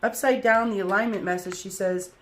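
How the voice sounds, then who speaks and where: A woman's voice: mid-range voice, fairly even intonation, a little fast. A woman hosting a spiritual group talk and card reading, speaking in an effusive way with chant-like repetition.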